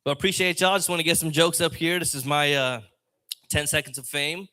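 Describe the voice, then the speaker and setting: A man's voice: on the high side, fairly quick, bright, forceful tone. A man doing a loose, rambling stand-up set on a lounge stage mic. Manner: rambling, loose, chatty delivery. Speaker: open mic comedian.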